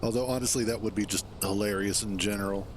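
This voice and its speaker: A man streaming a game, chatting in a relaxed, rambling way and chuckling to himself as he plays. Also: lowish voice, quick pace, a little hiss or hum. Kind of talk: casual gameplay commentary.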